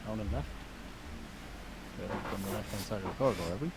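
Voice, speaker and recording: A man's voice: lowish voice, fast talker, gravelly, background noise. A man playing in a tabletop game, exclaiming and joking with the table. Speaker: player.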